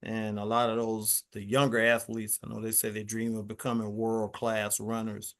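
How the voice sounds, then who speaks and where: A man's voice: fairly low pitch, completely flat delivery, moderate pace. A man hosting a podcast interview, attentive and prompting his guest with short affirmations. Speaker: podcast host.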